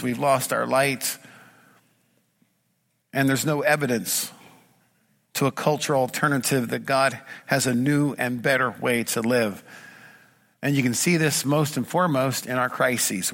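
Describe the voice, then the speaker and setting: A man's voice: mid-range voice, a bit bright, long reverb tail. A middle-aged man preaching a sermon as pastor, earnest and emphatic, building his points through repeated phrases. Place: church sanctuary.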